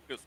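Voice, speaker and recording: A man narrating a tabletop game as game master, halting often with fillers as he thinks. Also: sharp tone, no room sound, rough recording.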